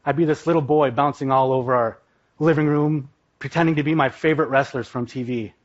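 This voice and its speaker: A former pro wrestler from Minnesota gives a live stage talk, telling his story vividly and dramatically. He speaks fairly quickly at medium pitch, captured in a dull, lo-fi live recording.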